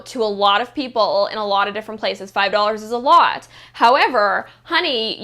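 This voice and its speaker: A woman vlogger recaps a reality show in a blunt, profane, sassy monologue, mocking the cast and peppering everything with "like." Her mid-range voice is bright with a forceful tone, keeping the review casual.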